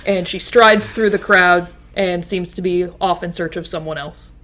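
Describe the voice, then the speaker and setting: A woman's voice: on the low side, fairly bright tone, slight background noise. A woman playing a tabletop role-playing game, describing her character's actions in a playful, wry way. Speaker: player. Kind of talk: casual tabletop game play.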